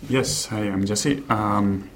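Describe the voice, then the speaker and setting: A man's voice: on the low side, steady tone, takes it slowly, fairly bright tone. A man from the Netherlands, a native Dutch speaker, talking plainly about his work as a game planner and programmer. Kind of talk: casual interview.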